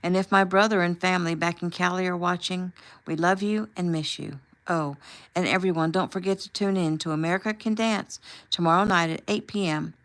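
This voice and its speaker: A woman reading as a chatty livestream host, low gravelly voice. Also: steady tone, brisk, natural voice. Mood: cheerful. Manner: chatty, friendly sign-off. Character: upbeat online livestream host signing off.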